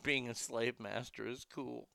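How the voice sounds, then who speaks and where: A man in his fifties hosting a show, chatting casually and bluntly, telling animated stories and acting out callers' voices. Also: medium pitch, a little slow, vocal fry, smooth, no echo. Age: 50s. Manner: blunt and profane. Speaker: show host. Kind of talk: casual chat reading viewer comments.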